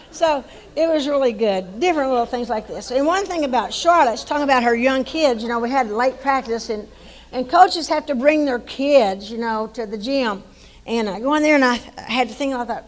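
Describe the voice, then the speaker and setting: A woman's voice: on the high side, brisk, low-quality recording. An older woman with an East Texas accent, a former coach giving a folksy, rambling acceptance speech at a banquet and telling stories with many restarts. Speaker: hall of fame inductee, former coach.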